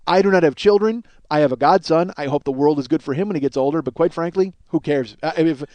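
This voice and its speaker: Middle-aged man, comedy podcast host, rambling profane storytelling, slightly higher voice, dry close sound. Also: fast talker, a little mellow, no room sound. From Chicago area. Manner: rambling, profane, self-mocking, acts out dialogue. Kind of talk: comic storytelling monologue.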